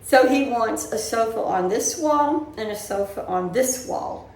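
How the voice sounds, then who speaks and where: A woman's voice: fairly high pitch, lively intonation, unhurried, a little mellow. An older woman chatting casually to her viewers from her living room, rambling as she talks her worries through, in a roomy recording with a little background noise. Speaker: vlogger. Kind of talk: casual chat.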